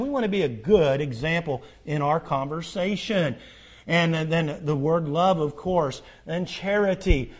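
A middle-aged man preaching a sermon as pastor, building to emphatic peaks and asking the congregation repeated questions. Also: on the high side.

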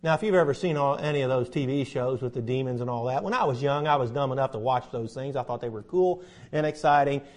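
A man's voice: medium pitch, fast talker. Emphatic middle-aged male Bible teacher. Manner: emphatic, rising to loud bursts for stress. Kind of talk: sermon-style Bible study.

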